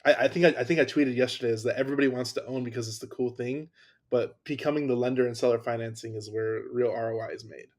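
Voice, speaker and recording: A man's voice: mid-range voice, fairly even intonation, quick pace. A man hosting a podcast in casual conversation, enthusiastic and often repeating words as he talks. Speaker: podcast host. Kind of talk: casual interview talk.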